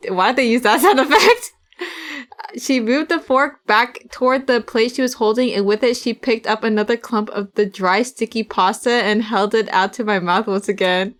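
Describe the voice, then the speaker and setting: A young woman streamer with a fairly high, steady voice reads a visual novel at normal speed, giving the game text a dramatic reading. She laughs and swears at the script and acts out its tense scenes, accompanied by faint game music.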